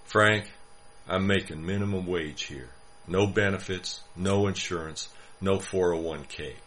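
A man's voice: low voice, measured pace, a bit bright, slight background noise. A man voicing a tough, blunt diner waitress. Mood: stern. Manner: firm, plain-spoken scolding.

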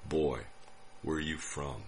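A man voicing a glaring, resentful old Southern grandfather who mutters slowly and with hostility. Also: extremely low pitch, fairly even intonation, slight background noise. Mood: contemptuous.

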